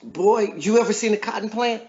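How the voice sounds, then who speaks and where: A man's voice: sits high, a little mellow, highs cut off, pitched above the performer's own voice, close to an everyday voice. A man voicing his elderly grandmother, blunt and matter-of-fact, calling the listener "boy". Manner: plain, unhurried, addresses listener as "boy".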